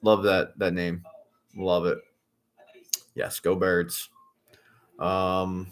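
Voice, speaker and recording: Male fan streaming a game, low voice, casual chatter punctuated by loud groans at his team. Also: level tone, takes it slowly, long pauses. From Philadelphia area. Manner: exasperated, loud outbursts at bad plays. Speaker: streamer hosting a football watch-along. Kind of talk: casual live-stream commentary.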